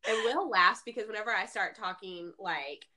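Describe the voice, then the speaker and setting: Bright-voiced Southern woman, Alabama accent. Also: medium pitch, normal speed. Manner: lively, laughs often, speeds up when telling stories. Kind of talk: casual chat.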